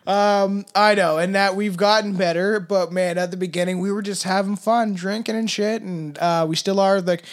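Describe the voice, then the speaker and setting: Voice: mid-range voice, steady tone, moderate pace, few pauses. Rambling, profane podcast co-host from Canada. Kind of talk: casual chat. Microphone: headphones and mic, remote.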